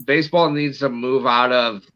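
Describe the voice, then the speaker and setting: A man's voice: mid-range voice, fairly even intonation, normal speed, pushed and bright, lo-fi sound. A man guesting on a sports podcast, explaining his opinions at length. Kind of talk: casual sports talk.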